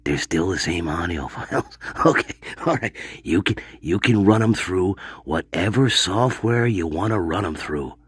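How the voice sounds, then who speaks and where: A man's voice: deep voice, lively intonation, moderate pace, hardly any pauses, husky, no echo, clean studio sound. A man hosting a casual live stream from his room, rambling, swearing and laughing often as he talks to viewers. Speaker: channel host.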